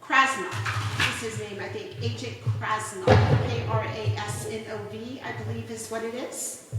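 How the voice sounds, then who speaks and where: A woman tarot reader rants and scolds with pointed rhetorical questions. Her voice sits fairly high and sounds distant, as if she were set back from the mic. A long, hollow echo fills the room. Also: steady tone, normal speed, loud music behind the voice. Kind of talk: ranting political commentary. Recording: echoey room, far from mic, noisy.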